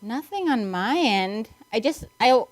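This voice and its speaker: Teasing woman co-host, quick to laugh. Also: fairly high pitch, expressive, no room sound. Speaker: guest host. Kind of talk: casual chat.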